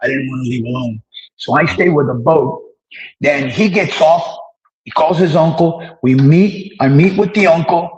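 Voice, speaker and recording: Animated older man telling stories. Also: on the high side, normal speed, dull audio, slight background noise. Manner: animated storyteller who acts out dialogue. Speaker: interview guest telling his past. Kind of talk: casual storytelling interview.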